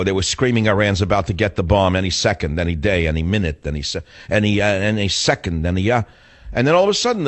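A male radio host talking straight to his listeners in a heated monologue. His pitch swings widely as he pushes his points, firing off rhetorical questions and repeating phrases for emphasis. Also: no room sound.

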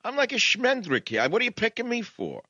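A man's voice: very high-pitched, huge pitch swings, brisk, pushed and bright, dry recording, dull audio, pitched above the performer's own voice, full character voice. A man voicing a whiny, self-pitying old male prophet who keeps complaining. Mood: whining. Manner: whining, complaining.

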